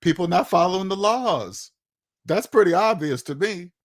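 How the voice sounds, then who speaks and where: A man speaks straight to his audience in a loose, unscripted monologue. His voice sits a little high for a man. He presses every point with emphasis, circles back over the same words, and keeps throwing rhetorical questions at the listener. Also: expressive, moderate pace. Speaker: channel host. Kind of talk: casual opinion monologue to viewers.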